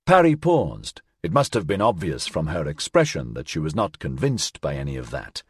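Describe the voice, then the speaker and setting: A man narrating an audiobook with expressive storytelling. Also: rumbling low, normal speed, hardly any pauses, husky, no echo, studio quality.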